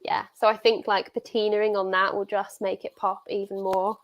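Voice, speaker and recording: A woman's voice: medium pitch, little pitch movement, moderate pace. A young British woman co-hosting a casual chat, enthusiastic and full of fillers. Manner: chatty, filler-heavy, enthusiastic. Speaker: co-host.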